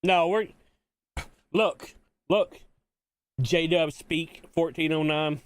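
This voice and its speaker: A man's voice: fairly high pitch, fairly even intonation, slow pace, clean tone. A man from Mississippi, chatting casually to viewers while hosting a live-stream watch party, rambling and repeating himself.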